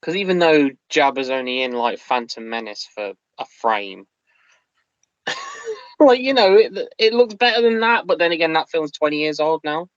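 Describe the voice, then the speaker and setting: A man's voice: fairly high pitch, sing-song, moderate pace, no echo, lo-fi sound. A man in casual review chat, rambling and hesitant with many fillers. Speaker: podcast co-host.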